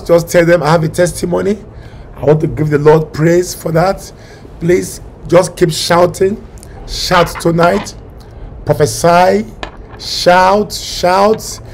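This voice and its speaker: A man's voice: high voice, darkish tone, a little hiss or hum. A male preacher leading a fervent prayer sermon, commanding and repetitive, with bursts of speaking in tongues.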